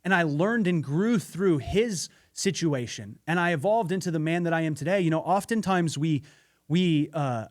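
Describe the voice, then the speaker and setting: A man's voice: fairly high pitch, expressive, normal speed. A man hosting a podcast, telling a personal story in an earnest, candid motivational monologue with occasional swearing. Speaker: podcast host.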